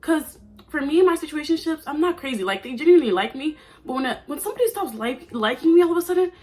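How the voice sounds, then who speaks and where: A woman's voice: high-pitched, expressive, fast talker, darkish tone, faint music behind. A nineteen-year-old woman vlogging at home in a chatty, playful, oversharing way. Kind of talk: casual chat. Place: at home under a ring light.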